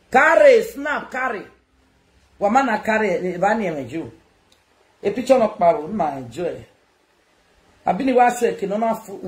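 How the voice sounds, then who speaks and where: A Nigerian woman chatting casually to her followers, loud and teasing, often laughing. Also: mid-range voice. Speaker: social media personality. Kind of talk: casual self-recorded chat to followers. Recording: echoey room with faint noise.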